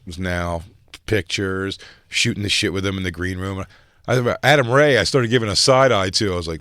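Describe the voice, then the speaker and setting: A man hosting a podcast in casual comedic chat, rambling and animated, with plenty of fillers. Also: lowish voice, moderate pace, no room sound, faint music behind. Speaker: podcast host.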